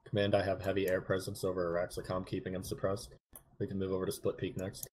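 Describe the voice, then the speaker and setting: A man's voice: sits low, monotone, quick pace, darkish tone, slight background noise. A man leading an air squad in an online game, answering orders with clipped, matter-of-fact replies. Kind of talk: terse voice-chat radio replies.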